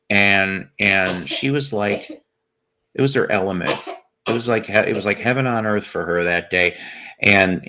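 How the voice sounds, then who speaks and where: A man with a fairly low voice talks loosely on a music stream. He reminisces and wanders, often restarting his sentences as he goes. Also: pushed and bright, a little hiss or hum. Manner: rambling, reminiscing, with frequent restarts. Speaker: co-host of a music stream show. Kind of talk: casual chat.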